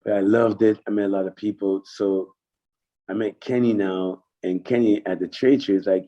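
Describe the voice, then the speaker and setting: A middle-aged man telling stories in casual chat, animated and swearing freely, and mimicking other people in high voices. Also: moderate pace. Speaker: guest. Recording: dull lo-fi sound.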